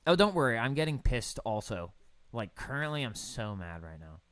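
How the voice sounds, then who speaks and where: A young man casually commentating over a building game, riffing deadpan puns on place names. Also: medium pitch, moderate pace, no echo. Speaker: gaming streamer.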